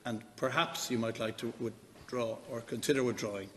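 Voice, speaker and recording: A man with an Irish accent chairing a chamber debate, brisk and calming. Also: mid-range voice, in a large hall, a little hiss or hum. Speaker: chair of the house.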